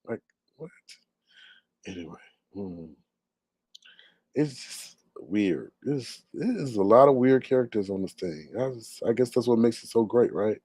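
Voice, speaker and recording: A man's voice: on the low side, expressive, unhurried, long pauses, darkish tone, slightly rough, dry recording. A young man, gossiping sassily in casual commentary with laughing asides. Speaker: commentary vlogger.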